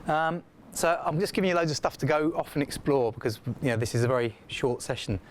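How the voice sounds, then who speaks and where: Talking at a quick pace in a fairly high voice, a man gives a casual scriptwriting lecture in a classroom, with a slight hiss or hum audible. He chats animatedly and performs the feedback he quotes.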